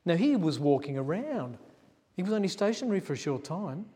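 A man's voice: high-pitched, big pitch swings, fairly quick, warm tone, breathy edge. Chatty man preaching in a reverberant hall. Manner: chatty, acts out quotes, laughs at himself. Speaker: pastor. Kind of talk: storytelling sermon. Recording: long church reverb.

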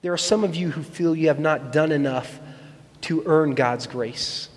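A man preaching a sermon as pastor, animated and repeating key phrases, acting out the people he quotes. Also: fairly high pitch, moderate pace. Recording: long hall reverb.

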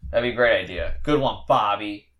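Young male podcast host with a bright, forceful voice; candid, rambling storyteller who swears freely. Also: lowish voice, brisk.

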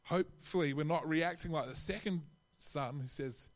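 Male preacher, slightly high voice, casual sermon delivery. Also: normal speed. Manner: conversational, with frequent restarts and acted-out quotes.

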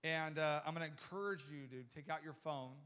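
A man's voice: a little high, clean tone. A man preaching as a youth pastor, telling a story with quoted voices and frequent restarts. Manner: animated, quotes people in quick voices, many restarts. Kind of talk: sermon storytelling.

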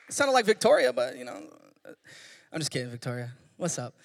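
A man's voice: mid-range voice, a little fast. A young man, a kids pastor, preaching a casual, joking sermon full of slangy stories. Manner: animated, joking, slangy storytelling. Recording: long hall reverb.

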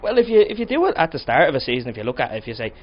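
A man's voice: mid-range voice, big pitch swings, muffled recording, a little hiss or hum. A man, a fan arguing persuasively in an interview outdoors. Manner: rapid, persuasive reasoning. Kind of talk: casual interview answers.

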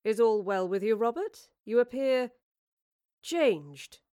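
A woman voicing a calm, reassuring man who leads a troupe of actors. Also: a little high, takes it slowly. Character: calm, steady man leading a theatre troupe.

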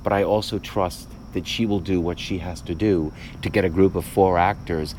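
Thoughtful low-voiced man in conversation. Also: moderate pace, slight background noise. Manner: thoughtful, restarts often, animated asides. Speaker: playwright and podcast host. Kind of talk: casual conversation.

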